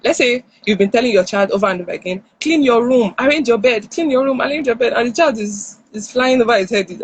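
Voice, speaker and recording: A woman with a Nigerian accent speaks to parents on a live stream, lively, and she acts out the lines of parents and children. Her voice is a little husky. It sits close and dry, with no room around it. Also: mid-range voice, no room sound, poor audio. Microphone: phone or headset on a live stream.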